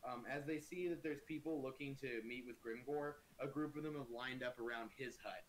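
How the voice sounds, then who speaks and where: A man's voice: mid-range voice, fairly quick, a little hiss or hum, rough recording. A man narrating a tabletop game as game master, casual and profane, with frequent filler words, over a voice call.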